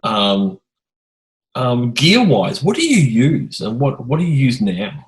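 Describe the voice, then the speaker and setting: A man hosting a podcast, telling a rambling, animated anecdote in casual chat. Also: mid-range voice, slow pace, a little hiss or hum, low-quality recording. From Australia. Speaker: podcast host.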